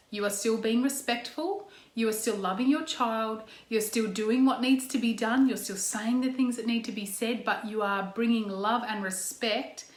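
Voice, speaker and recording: Chatty Australian woman, echoey room. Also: a little high. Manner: chatty, frequent "okay" and "um", talks with her hands, acts out example tones. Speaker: parenting coach. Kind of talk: casual instructional talk to camera.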